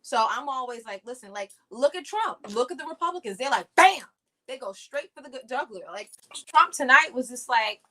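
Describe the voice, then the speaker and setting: A woman hosting a casual livestream from her living room, talking fast and loose, swearing and mocking politicians. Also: high voice. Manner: animated, profane, mocking impressions. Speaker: livestream host.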